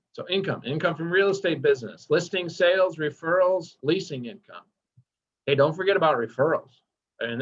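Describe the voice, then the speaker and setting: A man giving a casual training lecture, enthusiastic and chatty, asking the class questions as he goes. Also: medium pitch. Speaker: workshop instructor. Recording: dull lo-fi recording.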